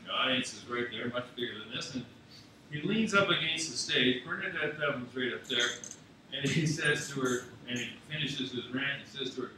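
A man's voice: medium pitch, moderate pace, background noise. Scottish-born guy giving a memorial speech, mid voice, big echoey theatre, mic far away. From Scotland. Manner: storytelling, chuckling often. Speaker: speaker at a memorial. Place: university theatre. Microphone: distant mic.

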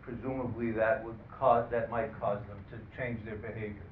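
A man moderating a panel discussion, who introduces the guests and runs an audience poll in a halting way, with many fillers and dry asides. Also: fairly low pitch, little pitch movement. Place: conference room. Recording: phone-like, roomy, distant, faint hiss.

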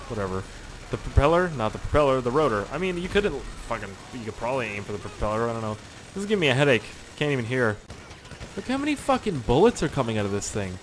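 A young man from Canada giving rambling, profane gameplay commentary with sudden excited yelps. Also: mid-range voice, fast talker, a little hiss or hum. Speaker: gaming channel host.

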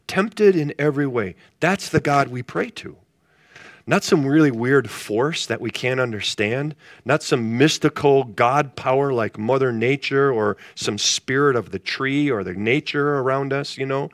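A man's voice: medium pitch, normal speed, dry recording, studio quality. A male pastor leading a casual Bible study, talking conversationally and asking the group questions.

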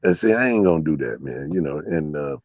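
This time his bass voice is animated, brisk, and a little mellow, recorded muffled but without echo. The dog breeder keeps up his casual interview storytelling, rambling and swearing with lots of fillers and frequent laughs.

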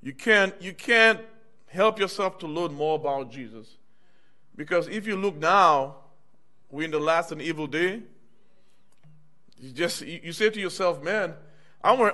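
Middle-aged preacher guy in a church, kinda high voice, chatty testimony style. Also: moderate pace, pushed and bright. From United States. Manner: conversational, calls out "amen" and "y'all" to the congregation. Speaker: minister. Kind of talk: personal testimony sermon.

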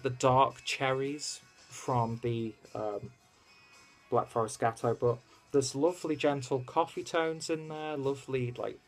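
A man from the UK, casually reviewing a beer in a rambling, easygoing way full of fillers. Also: mid-range voice. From United Kingdom. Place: at home in Germany.

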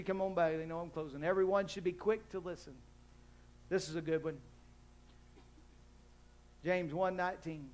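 High-voiced preaching pastor, man. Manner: preaching with rising, emphatic call-and-response. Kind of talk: sermon. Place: church hall.

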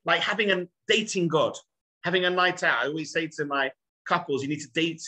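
A man's voice: on the high side, a little fast, poor audio. A man, a rabbi, giving a storytelling lecture to a group, acting out the quotes in his stories and asking his listeners questions. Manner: animated storyteller, acts out quotes in dialogue; addresses listeners directly, asks the room questions.

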